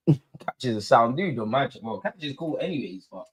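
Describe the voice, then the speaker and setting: A man hosting a live football watch-along, chatting in excitable, slangy banter with his viewers. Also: medium pitch, normal speed, breathy edge, dry recording. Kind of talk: live fan commentary and chat.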